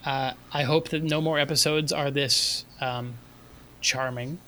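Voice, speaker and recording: A man co-hosting a casual podcast, giving wry, good-natured criticism in a relaxed way. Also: medium pitch, a little slow, a little hiss or hum. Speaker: podcast co-host.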